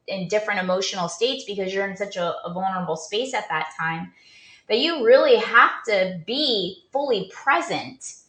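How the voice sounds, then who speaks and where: Woman, performance coach, earnest motivational storytelling, bright tone, echoey room. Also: medium pitch. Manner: earnest storytelling with many restarts and fillers. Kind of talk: casual motivational talk.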